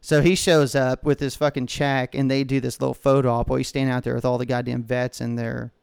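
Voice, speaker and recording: A man's voice: mid-range voice, monotone, fast talker, creaky, a little mellow, clear, resonant tone, no echo, studio quality. A man co-hosting a podcast, telling a story in a casual, heavily profane rant. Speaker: podcast co-host. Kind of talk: casual chat.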